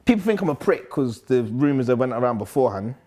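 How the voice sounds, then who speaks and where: A man's voice: mid-range voice, very animated, quick pace, a little mellow. A young man from Nottingham with a Nottingham accent, chatting in an interview in a slangy, laid-back way. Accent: Nottingham English. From Nottingham, England. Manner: slangy, laid-back, loose storytelling with laughs. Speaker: rapper, interview guest. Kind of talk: casual interview chat.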